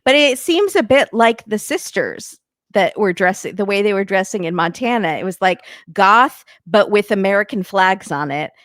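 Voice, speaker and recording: Lively snarky woman guest. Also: medium pitch, moderate pace, no echo, studio quality. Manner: lively, snarky, laughs often. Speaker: guest co-host. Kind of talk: casual reality TV chat.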